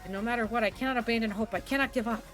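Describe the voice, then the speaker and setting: This is a woman hosting a live game stream, and her voice sits a little high. Her chat is loose and full of swearing, and she throws herself into reading the characters' dialogue aloud. Game music plays clearly underneath. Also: rapid-fire, fairly bright tone. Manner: casual and profane, reads game dialogue aloud with gusto. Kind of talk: live let's-play commentary.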